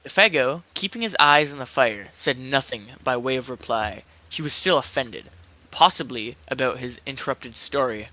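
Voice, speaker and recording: A man's voice: medium pitch, lively intonation, moderate pace, bright, forceful tone, low-quality recording. A young man casually reading a horror story aloud as an amateur reader, hesitant and stumbling now and then. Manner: hesitant, stumbles and restarts, lots of "like".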